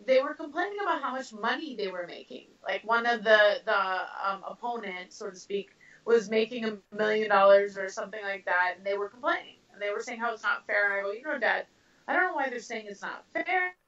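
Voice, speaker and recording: A woman from Canada, a professional boxer, answering interview questions in a casual, animated way with many fillers. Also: medium pitch, brisk. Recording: roomy, distant, dull sound.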